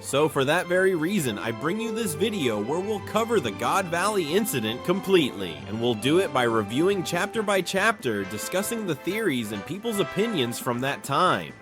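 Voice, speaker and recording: A man's voice: fairly high pitch, big pitch swings, moderate pace, hardly any pauses, over music. A man hosting a channel, narrating a scripted manga recap and speaking directly and enthusiastically to his viewers. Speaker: anime and manga channel host.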